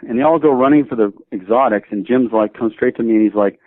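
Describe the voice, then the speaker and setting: A man guest telling a casual anecdote in an animated way, acting out both sides of the conversation. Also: medium pitch, quick pace, no echo. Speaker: guest, shooting instructor. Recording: dry, tinny phone-like audio.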